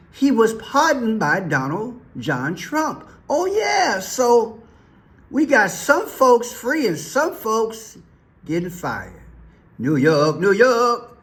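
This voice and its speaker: Folksy male commentator, high and animated, slow, joking delivery. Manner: folksy, joking, talks to viewers as "y'all". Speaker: commentary vlogger. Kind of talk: casual commentary.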